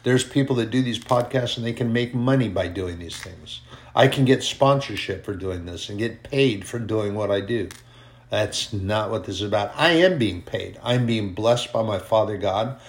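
A man's voice: on the low side, normal speed. A man preaching a fervent sermon on his own podcast, repeating phrases for emphasis.

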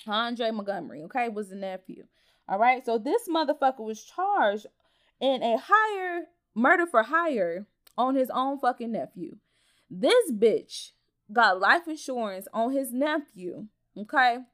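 A woman hosting a podcast, telling a storytime rant full of swearing and speaking directly to her listeners. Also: a little high. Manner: profane, animated, talks straight to listeners as y'all. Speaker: podcast host.

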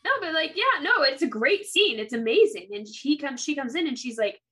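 A woman's voice: sits high, a little fast. A woman co-hosting a podcast, talking casually about a book and getting heated, with some swearing. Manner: animated, ranting, swears when heated. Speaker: podcast co-host.

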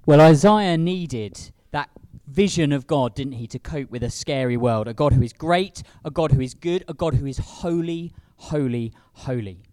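A man's voice: on the high side, moderate pace, darkish tone, no echo. A man leading a church service and preaching, acting out quoted lines with big rises in his voice. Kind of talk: sermon.

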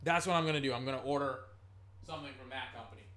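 Rambling young man, bright voice. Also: medium pitch, rapid-fire. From Texas. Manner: rambling, heavy on filler words, bursts into excited play-by-play. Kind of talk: casual rambling chat while calling a football game.

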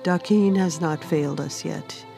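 A woman narrator voicing a young male warrior in a fantasy storybook, speaking gently and soberly. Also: sits low, unhurried, creaky, faint music behind.

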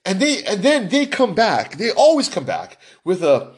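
A man hosting a podcast, talking in an animated, emphatic way with lots of restarts and "right?" tags. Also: sits high. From United States. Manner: deliberately animated and emphatic, pushing his voice up for effect. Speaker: podcast host. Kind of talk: animated solo podcast monologue.

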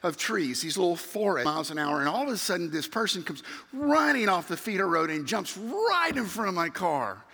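Gravelly high preacher in a hall. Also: male voice, a little fast, hardly any pauses. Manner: animated storyteller acting out voices. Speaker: youth minister. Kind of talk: sermon storytelling. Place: church sanctuary. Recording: reverberant hall.

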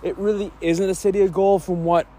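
A man recapping a film in a casual, rambling way, an excitable fan with many fillers. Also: high-pitched, brisk. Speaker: video creator recapping a film. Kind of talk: casual movie recap and reaction.

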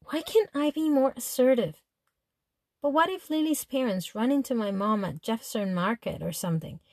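A woman's voice: a little high, lively intonation, moderate pace, darkish tone, no echo, clean studio sound. A woman narrating a teenage girl's diary in the first person, chatty and exasperated. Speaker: audiobook narrator.

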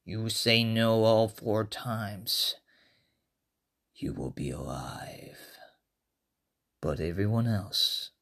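A podcaster putting on the voice of a menacing stranger at the door, speaking slowly and low, sinking into whispers. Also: vocal fry, a bit bright, exaggerated voice. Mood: ominous. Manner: slow, low, fading into whispers.

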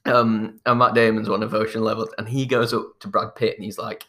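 A man's voice: lowish voice, steady tone, fast talker, pushed and bright. Rambling man retelling a film plot. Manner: rambling, restarts often, chuckles while telling.

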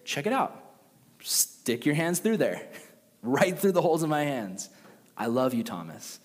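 A man's voice: fairly high pitch, sing-song, measured pace. A man voicing Jesus as a patient, casual teacher who speaks in a friendly, reassuring way. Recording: long reverb of a large hall.

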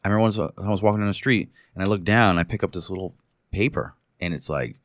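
A man's voice: low voice, fast, dry recording. A man telling stories in a loose, profane casual chat, hungover today. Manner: loose, profane storytelling with laughs.

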